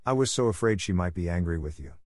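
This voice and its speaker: A man's voice: deep voice, lively intonation, fast, a little mellow, no echo, clean studio sound. A man voicing a sensible, decisive girl in a storybook reading, reasoning things out. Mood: worried. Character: sensible talkative older sister girl.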